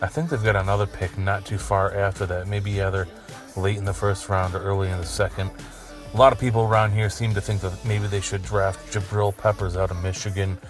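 Low-voiced man ranting jokily. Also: flat delivery, fairly quick, music in the background. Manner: crude, jokey, swears freely. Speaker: podcast host. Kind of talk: rambling comedic monologue.

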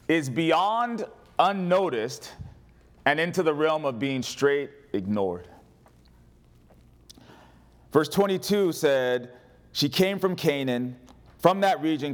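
A man preaching a sermon as pastor, animated and humorous, calling on the congregation to respond. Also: fairly high pitch.

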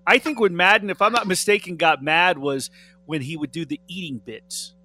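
A male sports radio co-host with a slightly higher voice. He chats in a friendly, agreeable way and trips over repeated words as he builds his point. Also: normal speed, sharp tone, no room sound. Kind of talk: casual sports talk.

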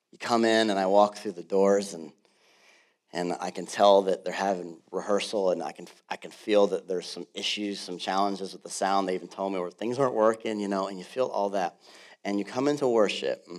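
Man pastor preaching with rising passion. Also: sits low. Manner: builds from soft storytelling to loud passionate preaching. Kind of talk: sermon. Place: church sanctuary.

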